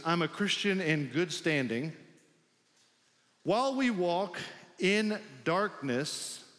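A man's voice: a little high, a bit bright, big-room sound. A male pastor preaching a sermon in a loose, conversational way, with many filler "like"s.

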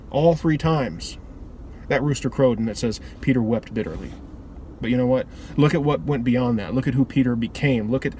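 A man's voice: mid-range voice, a little mellow, a little hiss or hum. A man giving an earnest, informal devotional talk that often loops back and restarts its phrases. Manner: earnest, rambling with repeated restarts. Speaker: preacher.

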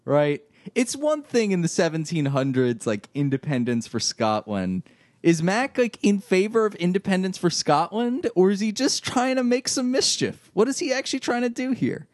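A man's voice: sits high, big pitch swings, moderate pace, no echo. A man co-hosting a podcast in casual chat, asking questions and cracking jokes. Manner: jokey, asks questions, wisecracks. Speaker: podcast co-host.

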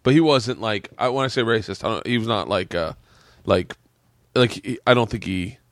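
A man's voice: lowish voice, moderate pace, dry recording, clean studio sound. A man hosting a casual podcast chat, telling rambling stories, swearing freely and often restarting his sentences. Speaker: podcast host and comedian. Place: home podcast room.

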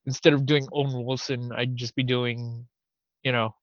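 A male podcast co-host chatting casually in a hushed, low-key voice. He sounds dry and close, with no room around him. The recording is slightly dull and lo-fi. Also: flat delivery, normal speed, dry recording. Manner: hushed, low-key delivery that breaks into laughter. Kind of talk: casual chat.

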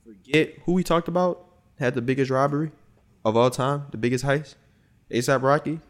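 A man co-hosting a podcast in casual chat, thoughtful and relaxed, often hedging his views. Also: medium pitch, moderate pace. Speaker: podcast co-host.

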